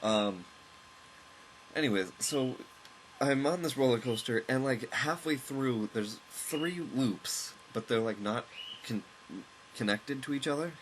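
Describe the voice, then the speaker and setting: A man casually recounting a long, rambling story at home while commenting on a game, with chuckles and quick asides. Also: medium pitch, expressive, slight background noise, poor audio. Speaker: let's play host. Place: at home, with a loud pet bird nearby.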